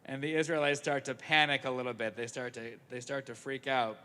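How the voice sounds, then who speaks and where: A man's voice: mid-range voice, brisk, few pauses, pushed and bright, smooth. A man leading a family service, telling a story to a congregation with playful, jokey asides. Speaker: service leader. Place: synagogue sanctuary. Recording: echoey sanctuary, live broadcast.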